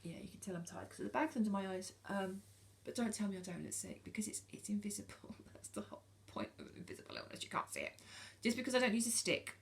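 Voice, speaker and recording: Gravelly-voiced British woman in her forties. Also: mid-range voice, fast talker, few pauses. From United Kingdom. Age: 40s. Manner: hesitant, many ums and restarts; frank and earnest. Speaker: vlogger. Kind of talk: casual talk to camera.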